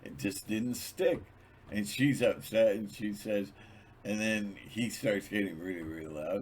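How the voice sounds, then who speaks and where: A man's voice: fairly low pitch, fairly even intonation, measured pace, slight background noise. A man hosting his own channel, talking in a rambling, digressive monologue with many restarts. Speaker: channel host.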